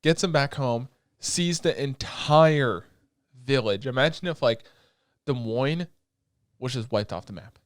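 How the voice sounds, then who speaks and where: A young man co-hosting a podcast, recapping anime in a rambling, excitable way with lots of filler words and swearing. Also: medium pitch, unhurried, no room sound, studio quality. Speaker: podcast co-host. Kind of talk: casual chat recapping anime episodes.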